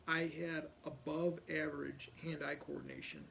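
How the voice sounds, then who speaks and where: A man's voice: fairly high pitch, little pitch movement, normal speed, vocal fry, fairly bright tone, slight background noise. A middle-aged man from Ohio, a police officer, casually telling a personal story and animatedly acting out other people's lines.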